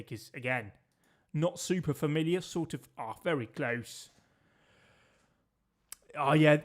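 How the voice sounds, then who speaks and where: A man streaming a geography guessing game, chatting and joking with his viewers as he plays. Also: on the high side. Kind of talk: casual gameplay commentary.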